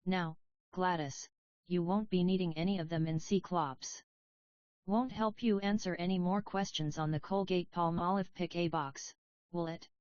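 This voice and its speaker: A woman reading the part of a sharp-tongued, protective old grandmother who scolds in a matter-of-fact way. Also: lowish voice, steady tone, moderate pace, no echo, lo-fi sound, close to an everyday voice. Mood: scolding.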